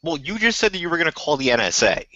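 A man on a podcast defending his side, his voice bright and full of movement. He laughs as he argues. The recording is dry and slightly dull. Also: a little high, very animated, very fast, no room sound. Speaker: podcast co-host. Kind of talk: casual banter.

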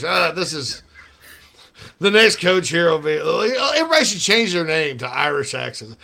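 A man's voice: fairly high pitch, very animated, moderate pace, gravelly, pushed and bright. A man hosting sports radio, rambling and joking in casual banter with bursts of laughter.

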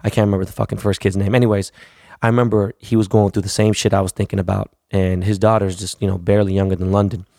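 A man's voice: fairly low pitch, level tone, quick pace, gravelly, warm tone, dry recording, clean studio sound. A man in his thirties from the US West Coast, hosting a podcast in a blunt, profane, rambling monologue. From United States, West Coast. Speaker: podcast host. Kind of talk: casual monologue.

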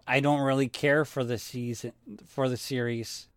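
A man co-hosting a podcast chats casually, rambling through stories and swearing freely as he tells them. His mid-range voice is clear and resonant with a flat delivery at normal speed, recorded studio-quality with no room sound.

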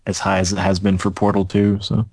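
A man's voice: low-pitched, completely flat delivery, a little fast, darkish tone, no echo. A man in his early twenties, a podcast guest, chatting in a dry, sarcastic, indifferent way. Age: 20s. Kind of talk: casual gaming podcast chat.

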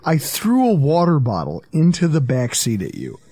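A man, hosting a casual sports podcast and telling stories in an animated way, laughing often. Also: a little high, normal speed. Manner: animated storyteller, laughs a lot. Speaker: podcast host.

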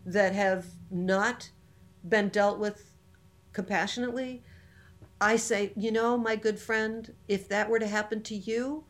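A woman in her fifties, chatting casually but with real heat. Her voice sits at an ordinary middle pitch, and she sounds indignant and emphatic as she drives each point home. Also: steady tone, a little slow. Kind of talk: casual chat.

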